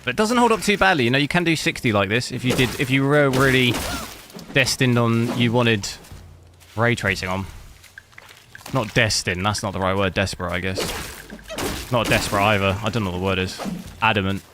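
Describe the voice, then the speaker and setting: A man's voice: medium pitch, moderate pace, background noise. A man from England with an English accent, chatting casually to viewers while streaming a game, rambling and hunting for words. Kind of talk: casual live-stream chat while gaming.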